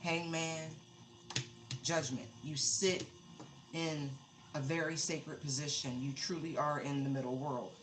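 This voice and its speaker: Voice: medium pitch, steady tone, a little slow, a bit bright, low-quality recording. Chatty tarot reader on a live stream, keeps repeating stuff for emphasis, lots of hiss behind. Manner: casual, emphatic, repeats herself for stress.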